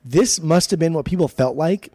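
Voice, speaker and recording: A man's voice: fairly high pitch, moderate pace, mellow, slightly rough, no room sound. A young man co-hosting a casual podcast, swearing freely and sounding exasperated as he jokes. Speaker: podcast co-host.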